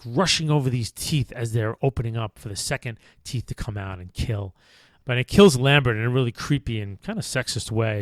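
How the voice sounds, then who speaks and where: A man's voice: mid-range voice, no room sound. A man hosting a podcast, recapping a film in a loose, rambling way with many fillers and restarts. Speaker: podcast host.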